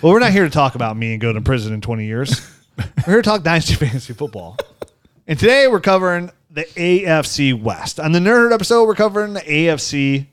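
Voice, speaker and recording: A man's voice: a little high, big pitch swings, quick pace, clean tone, no room sound, clean studio sound. A man in his forties hosting a podcast, joking around and laughing often in casual chat. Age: 40s. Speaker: podcast host.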